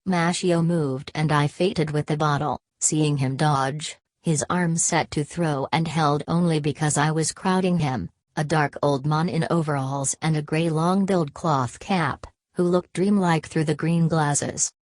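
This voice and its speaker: Low-voiced woman narrating an audiobook. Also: a little slow, hardly any pauses, dry recording. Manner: reads all characters in one steady voice. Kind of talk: scripted narration.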